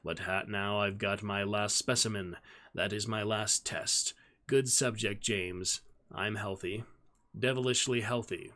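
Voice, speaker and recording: A man voicing a dying, feverish male doctor who speaks haltingly, breaking off mid-phrase. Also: fairly low pitch, fairly even intonation, sharp tone. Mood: bitter.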